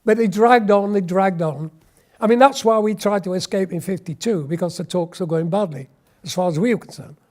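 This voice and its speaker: A man's voice: high voice, fairly quick, darkish tone. A man, telling a wry, anecdotal war story in an oral history interview. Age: 80s.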